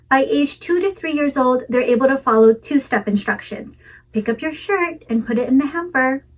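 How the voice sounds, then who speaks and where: A woman giving a calm, measured talk with practical tips for parents, in a melodic teaching delivery. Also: sits high, distant mic, low-quality recording. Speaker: parenting educator. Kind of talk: scripted instructional talk.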